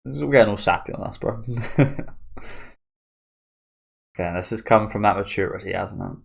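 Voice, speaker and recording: Low, gravelly man musing casually. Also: moderate pace. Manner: chatty and musing, restarts phrases, chuckles often. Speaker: manga reaction host. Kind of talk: casual commentary while reading a manga.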